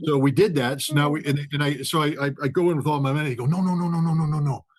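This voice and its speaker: Male guest, husky voice, animated storyteller who acts out the dialogue. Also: on the high side, rapid-fire. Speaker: guest, former weapons inspector. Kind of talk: storytelling in a conversation.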